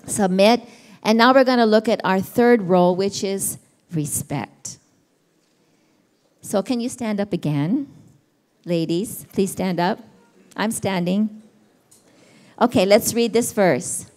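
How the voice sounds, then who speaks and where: A middle-aged woman, teaching a church women's session in a conversational way and asking her listeners questions. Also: mid-range voice. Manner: warm, conversational, asks the audience questions.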